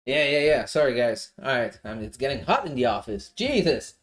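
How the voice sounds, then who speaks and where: A man hosting a casual livestream from his home office, telling a lively story and swearing freely. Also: mid-range voice, fairly quick. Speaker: livestream host.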